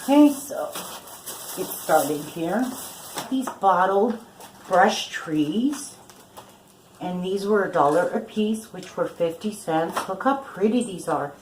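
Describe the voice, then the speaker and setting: An older woman takes her time showing off her finds, gushing over each one. Her speech is slow and relaxed. The room rings with echo, and a faint hiss sits under her voice. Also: lowish voice. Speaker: vlogger. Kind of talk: casual thrift haul vlog.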